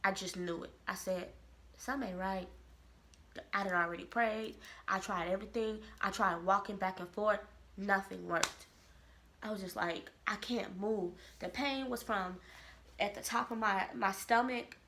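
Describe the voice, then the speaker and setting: Bright-voiced woman telling a story. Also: medium pitch, moderate pace, slight background noise. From Kansas City, Missouri. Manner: animated, expressive storytelling with quoted voices. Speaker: vlogger. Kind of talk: casual storytelling.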